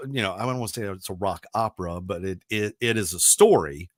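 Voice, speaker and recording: A middle-aged man hosts a casual radio talk show, rambling eagerly about his favorite things and stumbling through fillers and restarts. His voice sits on the low side, and the studio sound is dry and close. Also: a little fast, no echo. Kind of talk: casual chat.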